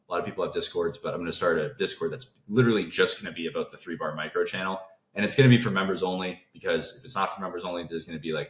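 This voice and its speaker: A man with a very low voice runs through a casual trading lesson at a rapid clip. He keeps cutting off his own thoughts and starting over. The room around him has a clear echo. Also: a bit bright. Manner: fast talker who interrupts his own thoughts. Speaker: trading video host.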